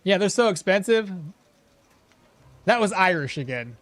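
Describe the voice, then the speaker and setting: A male game streamer with a fairly high, lively voice that swoops around as he talks. He chats loosely with his viewers while he plays, trailing off and restarting his sentences as he goes. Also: a little slow, no room sound. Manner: rambling, self-correcting, chatting with viewers. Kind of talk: casual gameplay commentary.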